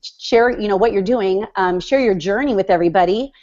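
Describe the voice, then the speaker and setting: A gushing, excitable woman in her forties tells her coaching story on a group call. Her pitch is middling. The line sounds dull and lo-fi. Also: a little fast. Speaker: fitness business coach.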